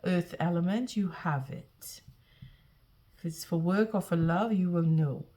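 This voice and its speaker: A woman's voice: fairly low pitch, unhurried, mellow. A woman reads tarot cards for her viewers in an earnest, reassuring way. She circles back over her words, restarting and repeating phrases as she goes. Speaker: tarot reader. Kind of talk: tarot reading to camera.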